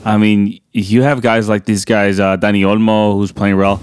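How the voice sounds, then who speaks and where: A man in his thirties co-hosting a casual soccer chat, talking in an animated, rambling way with lots of fillers and restarts. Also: fairly low pitch, moderate pace, clean tone, dry recording. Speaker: podcast co-host.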